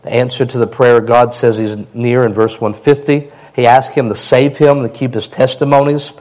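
A man preaching a sermon in a plain, conversational way, his voice a little hoarse. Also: medium pitch, flat delivery, moderate pace, a little mellow, poor audio. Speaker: pastor.

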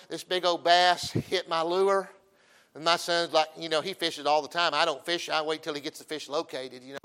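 A middle-aged man preaching a folksy, humorous sermon, swinging from loud emphasis to quiet storytelling asides. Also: fairly high pitch, clean tone. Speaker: pastor.

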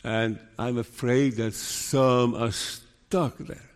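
A man delivers a sermon at an unhurried, deliberate pace, with earnest emphasis. He sometimes slips into the anxious voice of a doubting believer. His voice rings with the long reverb of a large hall. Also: mid-range voice, fairly even intonation, clear, resonant tone. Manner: slow, earnest, acts out worried believers' voices. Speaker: preacher.

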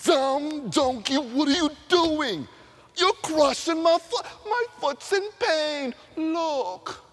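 An angry prophet bellows at his stubborn donkey, his voice , as a preacher acts him out, climbing high and strained. It rings with a long hall echo. The pace is slow and dragged out. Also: lively intonation, heavily acted. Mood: exasperated.

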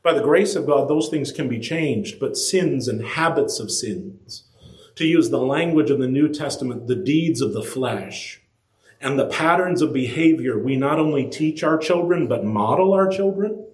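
A man preaching a sermon, lively and animated, acting out quoted voices with his pitch climbing high. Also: moderate pace. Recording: echoey room.

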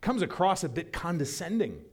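A man's voice: very animated, moderate pace, slightly rough. A man preaching a sermon as pastor, earnest, with his voice climbing for emphasis. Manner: earnest, rises in pitch for emphasis and acted quotes.

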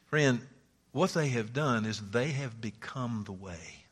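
A male pastor preaching a sermon, moving from loud, climbing declarations to hushed near-whispers and folksy stories. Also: fairly low pitch, unhurried, big-room sound.

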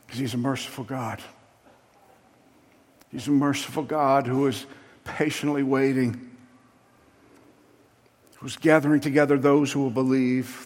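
A man preaching a sermon with passion, building to loud emphatic peaks. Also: mid-range voice, in a large hall.

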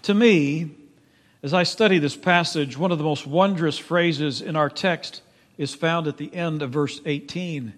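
A man preaching a sermon in a high voice at an unhurried pace. He presses his points with emphasis, rising into loud pleas and then dropping to near hushes. His voice rings with the long echo of a large church sanctuary. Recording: long reverb of a large hall.

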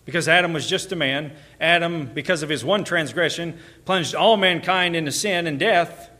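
Bright-voiced emphatic man preaching. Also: on the high side, moderate pace. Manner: emphatic, building in intensity on repeated phrases. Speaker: pastor. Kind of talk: sermon.

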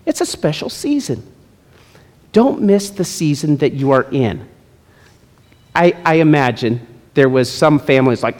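A man's voice: fairly high pitch, lively intonation, a little slow, pauses often, darkish tone. A male pastor preaching a sermon in a church, with emphatic delivery and playful asides. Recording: long hall reverb.

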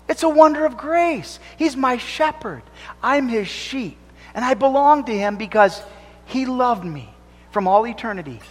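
A man's voice: sits high, fairly bright tone. A man preaching a sermon as pastor, fervent and emphatic, rising and falling as he drives points home. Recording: long reverb of a church hall.

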